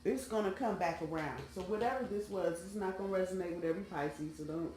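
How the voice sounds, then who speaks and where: A fast-talking tarot reader with a mid-range, darkish voice chats casually with viewers while setting out cards. Faint background music and a roomy sound fill the recording.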